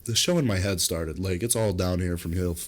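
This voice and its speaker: A young man with a very low voice tells a rambling party story on a casual podcast. He swears freely and keeps jumping into shrill, loud acted quotes. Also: a little fast. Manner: animated storyteller, jumps high into acted quotes; swears freely, comic deadpan asides. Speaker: podcast co-host.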